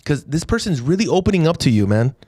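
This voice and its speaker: A man's voice: a little high, sing-song, fast talker, darkish tone, no room sound, studio quality. A man co-hosting a dental podcast, talking casually and animatedly retelling stories while quoting other people. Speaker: podcast co-host.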